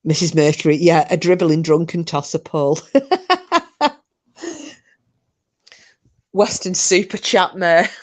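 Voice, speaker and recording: Low-voiced woman chatting with viewers. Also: steady tone, normal speed, few pauses, darkish tone. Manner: chatty, rambling, swears casually. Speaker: livestream host reading chat. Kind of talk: casual live chat with viewers.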